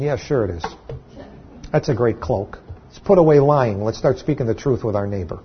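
A man's voice: mid-range voice, expressive, normal speed, muffled recording, a little hiss or hum. A man preaching a sermon to his church, talking in a conversational way with restarts and sudden emphatic peaks. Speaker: pastor.

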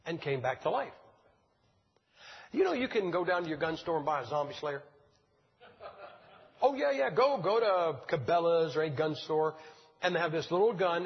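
An older man with a husky, somewhat high voice delivers a folksy, joking sermon, peppering his congregation with rhetorical questions. The recording sounds dull and lo-fi, with a long church-hall reverb.

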